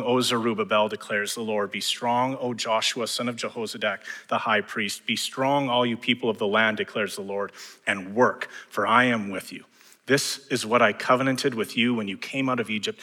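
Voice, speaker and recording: A man preaching a sermon as pastor, building to fervent emphasis and dropping to hushed lines. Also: mid-range voice, in a large hall.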